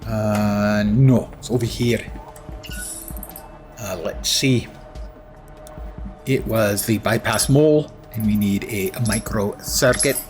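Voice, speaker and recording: A man's voice: fairly low pitch, slow pace, long pauses, darkish tone, faint music behind. A man giving casual, wry commentary while streaming a video game, with self-mocking asides.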